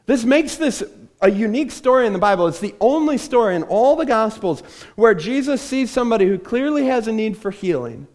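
A man's voice: sits high, animated, a little fast, darkish tone. A man preaching a sermon from a church stage, telling the story with animation and acting out the voices of the people in it. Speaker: pastor.

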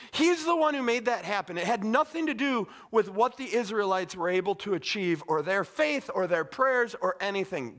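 High-voiced man preaching conversationally. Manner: conversational, animated, with asides. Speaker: pastor. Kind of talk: sermon.

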